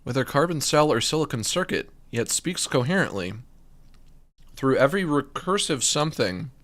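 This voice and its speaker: Animated man reacting on a live stream. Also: on the high side. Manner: animated, jokey, reads aloud, talks with mouth full.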